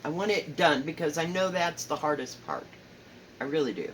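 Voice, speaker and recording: A woman with a Southern accent, chatting casually about her stitching at home, rambling, correcting herself and often trailing off softly. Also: low voice, lively intonation, normal speed, slight background noise, rough recording. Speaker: cross-stitch vlogger. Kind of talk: casual show-and-tell chat. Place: home, indoors.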